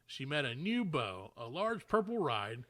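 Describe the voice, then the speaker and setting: A man's voice: mid-range voice, big pitch swings, unhurried, a bit bright. A man hosting a comedy podcast, telling stories and reading odd news with rambling jokes and frequent laughter. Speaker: podcast host.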